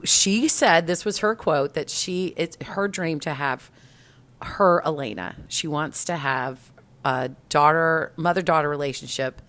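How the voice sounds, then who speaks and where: A middle-aged woman co-hosting a podcast in casual chat, telling stories in an animated, giggly way. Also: low-pitched, unhurried. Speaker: podcast co-host.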